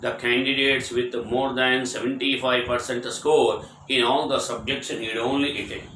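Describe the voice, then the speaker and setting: A man teaches English grammar in a lecture, drilling short example sentences again and again with emphatic repetition. His medium-pitched voice is flat and bright with a pushed quality, at a normal speed. A distant mic in an echoey room picks him up, with slight background noise.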